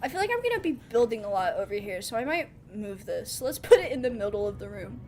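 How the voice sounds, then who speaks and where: A woman's voice: mid-range voice, sing-song, fast, a little mellow, a little hiss or hum. A woman streaming a game, chatting in a giggly, playful way as she plays. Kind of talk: casual gaming commentary.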